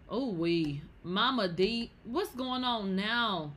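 A woman hosting a casual celebrity gossip vlog, talking brashly and profanely with loud outbursts. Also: medium pitch, expressive, slow pace. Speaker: gossip vlogger.

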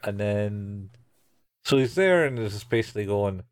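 A man talks through a show's plot in a relaxed, casual way, cursing now and then. His voice sits on the low side. The sound is dry and close, with no room around it. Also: normal speed, no echo. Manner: laid-back, swears casually, acts out characters' lines. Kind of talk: casual chat recapping a show.

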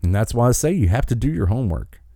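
A man's voice: mid-range voice, big pitch swings, quick pace, vocal fry, dark tone, no echo, clean studio sound. A man hosting an opinion podcast, delivering an angry, emphatic rant. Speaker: commentary host.

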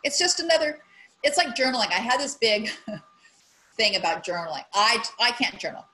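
A woman's voice: mid-range voice, expressive, normal speed, sharp tone, poor audio. A woman on a podcast talking frankly and animatedly, swearing casually and acting out her own inner voice. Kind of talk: casual chat.

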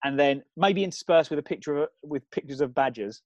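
A man co-hosting a comedy chat, rambling through an absurd film pitch with lots of ums. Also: fairly quick, darkish tone, no echo, muffled recording. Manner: rambling, builds absurd scenarios with fillers.

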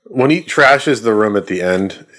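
A man's voice: fairly low pitch, animated, measured pace, fairly bright tone. A man co-hosting a casual podcast chat, laughing often and swearing freely. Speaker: podcast co-host.

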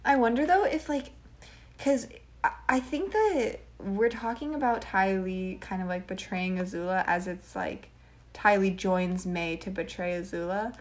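A woman's voice: mid-range voice, unhurried. A young woman co-hosting a podcast in casual chat. She swears freely and acts out characters' lines with dramatic outbursts. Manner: animated, swears freely, dramatic quote impressions. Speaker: podcast co-host.

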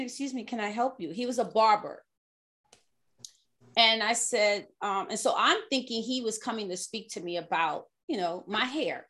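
A woman in her fifties telling a story in a casual chat, animated and laughing as she talks. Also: medium pitch. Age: 50s.

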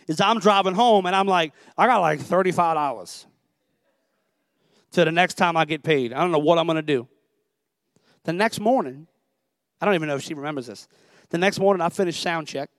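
A man's voice: on the high side, dry recording. A young man, a pastor telling a personal story in a conversational sermon. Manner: conversational storytelling, Southern phrasing.

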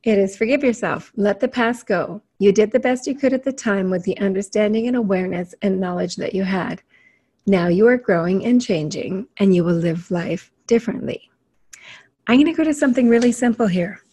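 Woman host of a self-help panel, slightly husky voice, encouraging, asks the group questions. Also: mid-range voice, fairly quick, dark tone. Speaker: group facilitator.

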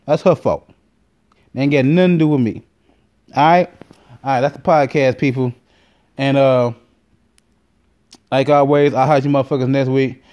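A man's voice: medium pitch, moderate pace, long pauses. Profane man telling a comic story. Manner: profane, animated, lots of fillers. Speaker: podcast host. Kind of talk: comedic storytelling monologue.

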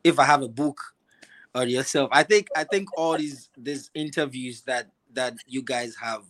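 A man chatting slowly and thoughtfully on a video call as a guest musician. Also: mid-range voice, fairly bright tone, low-quality recording. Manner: slow, thoughtful, restarts and fillers. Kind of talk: casual interview chat.

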